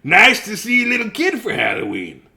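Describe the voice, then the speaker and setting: A man's voice: sits high, wildly swooping pitch, normal speed, gravelly, bright, forceful tone, pitched above the performer's own voice, heavily acted. A man voicing a big, friendly man greeting a trick-or-treater in a storybook. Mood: welcoming.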